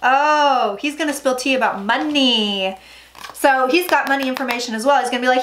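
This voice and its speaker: A woman with a high, bright-toned voice chats her way through a tarot reading on her own channel. She talks emphatically, then slips into low murmured asides, with a faint hiss of noise underneath. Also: fairly quick. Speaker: psychic tarot reader. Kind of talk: casual tarot reading vlog.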